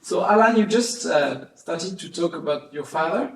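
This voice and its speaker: French-accented interviewer, brief prompts. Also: male voice, on the high side, lively intonation, normal speed, creaky. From Brittany. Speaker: interviewer, harpist. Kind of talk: casual interview talk. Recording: echoey room, mic at a distance.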